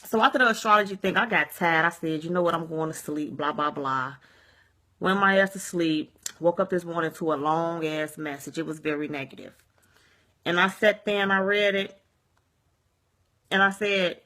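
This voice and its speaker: A woman's voice: fairly low pitch, expressive, moderate pace, a bit bright. A woman ranting casually on her vlog, rambling and repeating herself, swearing freely, recorded at home at the end of her day. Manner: rambling and repetitive, keeps saying "you see what I'm saying", swears freely. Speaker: vlogger. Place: at home at day's end, sage and candles burning.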